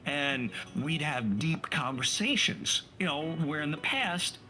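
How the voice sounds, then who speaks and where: A man with a bright, forceful voice tells a heartfelt personal story, stumbling and restarting as he goes. He slips into the voices of the people he quotes. Faint music sits under him. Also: fairly high pitch, animated. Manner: halting, full of restarts, acts out quotes.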